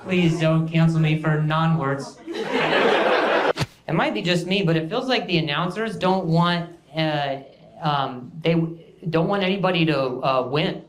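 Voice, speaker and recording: A man's voice: on the high side, a little slow. A man doing a stand-up comedy set on stage with a handheld mic, talking in a sarcastic, mock-boastful way and riffing loosely. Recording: echoey venue with loud noise.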